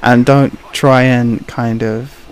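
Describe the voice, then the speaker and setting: A male gaming commentator offers casual opinions over gameplay, rambling and hesitant, leaning on "you know" and "kind of" with awkward laughs between points. He talks slowly in a mid-range, level, clean-toned voice.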